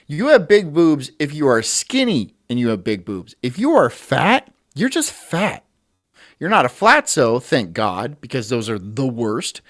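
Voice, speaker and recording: Guy streaming live, crude sarcastic chat reading, mid voice, bouncy pitch. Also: a bit bright, no echo, studio quality. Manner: crude, sarcastic, laughing often. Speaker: streamer host.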